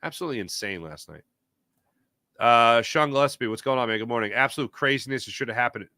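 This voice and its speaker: A man hosting a casual sports talk show, talking emphatically and answering live chat with quick asides. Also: mid-range voice, sharp tone, no echo, studio quality.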